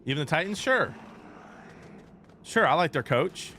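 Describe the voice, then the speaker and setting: A male streamer talking to his chat in a slightly high voice, animated and easily fired up. There's a faint hiss under his voice, and he keeps chatting between bursts of gameplay. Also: fast. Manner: animated, gets worked up arguing sports. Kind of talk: casual livestream chat.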